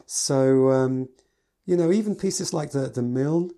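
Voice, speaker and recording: A man's voice: medium pitch, takes it slowly, warm tone. A man, a piano teacher, giving a casual spoken review from his notes, enthusiastic and gushing with adjectives.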